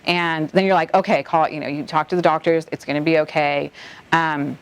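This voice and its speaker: A middle-aged woman from the Bahamas, an environmental nonprofit director, recalling a hurricane in an interview, halting and close to tears with many restarts. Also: low voice, steady tone, clear, resonant tone. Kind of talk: emotional interview recollection.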